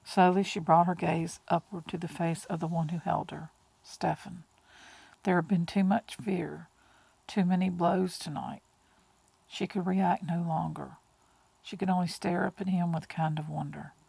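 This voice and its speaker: A woman reading an audiobook in a slow, hushed way, with breathy whispered words. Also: fairly low pitch, steady tone, dry recording, low-quality recording. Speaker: audiobook narrator. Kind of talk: audiobook narration.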